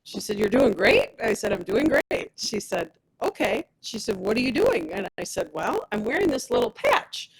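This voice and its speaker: A woman's voice: medium pitch, very animated, moderate pace, creaky, hardly any pauses, breathy edge, low-quality recording. A woman giving a personal testimonial as a product rep, telling her story with animation and acting out the dialogue of others.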